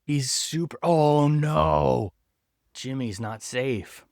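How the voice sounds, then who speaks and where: A man co-hosting a casual comic book podcast, playful and quick to laugh. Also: mid-range voice, gravelly, darkish tone, no room sound, clean studio sound. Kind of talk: casual chat.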